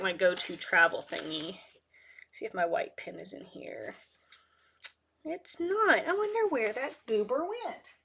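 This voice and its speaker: A woman with a bright, clear voice hosts a live crafting session from her desk. She rambles casually and talks to herself as she works, with frequent laughs. Her tone stays loose and conversational. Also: mid-range voice, a little hiss or hum. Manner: rambling, self-talk while working, laughs often. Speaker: craft live-stream host. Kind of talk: chatty live crafting demo.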